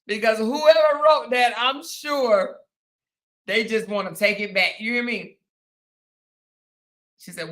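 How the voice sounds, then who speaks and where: Slow and full of pauses, her voice is on the high side with a fairly bright tone. A woman in her fifties hosting a casual livestream, she reads viewer comments aloud between laughs and hiccups, calling people honey and girl in a drawling Southern-Black manner.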